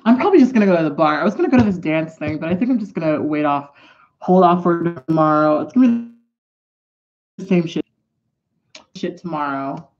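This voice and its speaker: A woman's voice: low voice, animated, brisk, pauses often. Rambling, profane woman vlogger, lo-fi sound. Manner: rambling and profane, drifting into asides while doing makeup. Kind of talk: casual storytime vlog.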